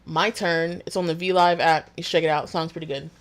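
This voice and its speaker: Woman podcast co-host, fairly low voice, matter-of-fact, casual chat. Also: steady tone, brisk. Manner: matter-of-fact, listing items plainly.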